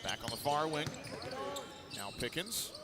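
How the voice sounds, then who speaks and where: A man's voice: on the high side, lively intonation, a loud crowd. A man doing live radio play-by-play of a college basketball game, calling each pass in short clipped phrases and rising sharply when a basket falls. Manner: rapid clipped play calls, rising sharply at big plays. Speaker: play-by-play announcer. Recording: loud arena noise behind.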